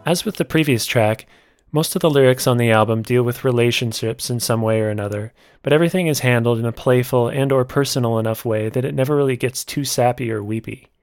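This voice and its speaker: A man narrating a scripted music album review in a measured, descriptive way. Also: medium pitch, a little mellow, dry recording, clean studio sound.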